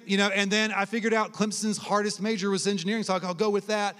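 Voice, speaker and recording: Animated preacher in a big echoing hall. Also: male voice, fast. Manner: animated, conversational storytelling that shifts to soft, low emphasis. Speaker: guest preacher. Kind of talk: sermon with personal stories. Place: large hall at a college ministry gathering. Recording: long hall reverb.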